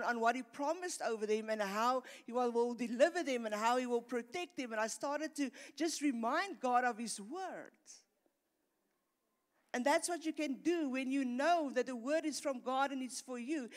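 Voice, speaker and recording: A middle-aged woman pastor, preaching an earnest sermon that builds in intensity and often repeats words. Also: fairly high pitch. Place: church hall. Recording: long reverb of a church hall.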